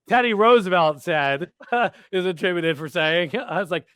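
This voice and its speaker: Podcast guest: middle-aged man, higher voice, animated storyteller with frequent laughs, dry close sound. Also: moderate pace, clear, resonant tone, no room sound. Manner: animated, laughs often, acts out his own quoted lines. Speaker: podcast guest, executive coach. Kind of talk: casual interview chat.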